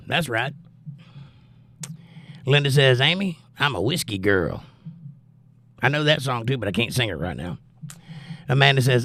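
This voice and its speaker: A man's voice: on the high side, no room sound. A man hosting a casual livestream, reading viewers' comments aloud and chatting back to them. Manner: chatty, reads comments and answers them warmly. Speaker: livestream host.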